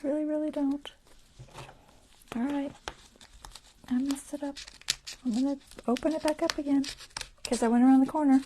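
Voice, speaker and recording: A woman's voice: high voice, steady tone, brisk, long pauses, warm tone, a little hiss or hum. A woman hosting a crafting livestream, talking to herself and her viewers as she sews, poking fun at her own mistakes. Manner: self-deprecating, talks to herself while sewing. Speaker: craft channel host. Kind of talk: casual livestream crafting talk. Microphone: clip-on mic.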